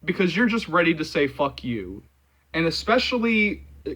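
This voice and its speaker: A man's voice: on the high side, big pitch swings, moderate pace, a bit bright, husky. A man hosting his own movie channel, ranting heatedly with many filler words and frequent swearing. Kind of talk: ranting vlog commentary.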